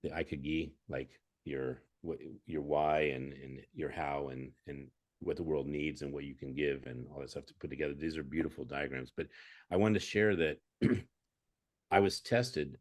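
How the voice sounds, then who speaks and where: Male interview guest, extremely low voice, calm and earnest, anecdotal. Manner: earnest, anecdotal, self-assured. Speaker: guest entrepreneur. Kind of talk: conversational interview.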